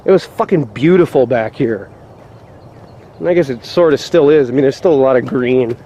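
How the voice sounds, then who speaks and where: A man's voice: medium pitch, moderate pace, dark tone, lo-fi sound, slight background noise. A man vlogging on a walk outdoors along a rural trail, ranting and swearing in exasperation. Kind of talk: walk-and-talk vlog rant.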